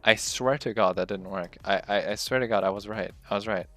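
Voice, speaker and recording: A man's voice: fairly low pitch, brisk, bright, forceful tone, soft background music. A man streaming live while coding, muttering, swearing and laughing at his own frustration. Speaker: livestreaming game developer.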